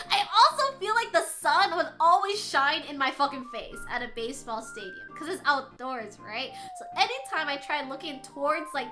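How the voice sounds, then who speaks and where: A woman's voice: sits high, sharp tone. A young adult woman streaming, chatting casually with viewers, laughing often and swearing freely.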